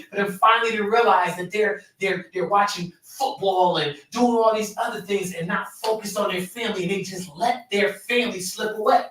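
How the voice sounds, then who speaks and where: A man's voice: high voice, pushed and bright, distant mic. A man hosting a podcast and coaching other men in an emphatic conversational way, often repeating his key phrases. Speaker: podcast host, men's coach. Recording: very echoey room, voice away from mic.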